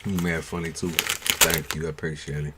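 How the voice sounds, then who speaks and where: A man with a low, deep voice chats loosely and slangily with his viewers, snacking as he talks. The recording carries a clear layer of noise and the crinkle of snack bags. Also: flat delivery, normal speed. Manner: slangy, laid-back, chats while eating snacks. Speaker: tarot reader streaming live. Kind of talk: casual livestream chat. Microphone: new studio mic.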